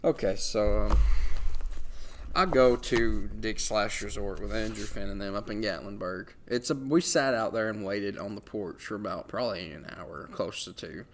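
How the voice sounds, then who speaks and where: Young man telling a lively anecdote. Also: lowish voice, moderate pace, slight background noise. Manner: animated anecdote telling, laughs often. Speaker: podcast host. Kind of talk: casual storytelling.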